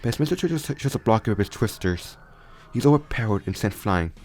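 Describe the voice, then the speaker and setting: A man's voice: fairly low pitch, animated, quick pace, a little mellow, soft background music. A young man casually retelling a fan story, rambling with frequent restarts and self-corrections.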